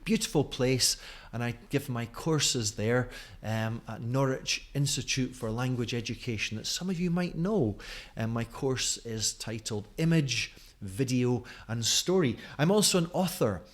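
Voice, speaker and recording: A man's voice: mid-range voice, animated, unhurried. A man in his forties from Scotland with a mild Scottish accent, giving a friendly, chatty conference talk to a camera at home at night, with many fillers. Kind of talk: recorded video talk to camera. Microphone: camera in front of him.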